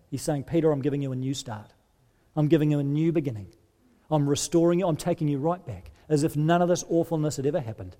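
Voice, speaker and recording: A man preaching a sermon, earnest and dynamic, dropping to a hush for weighty moments and rising to stress key points. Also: a little high. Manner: earnest, swings from emphatic to hushed. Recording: long reverb of a large hall.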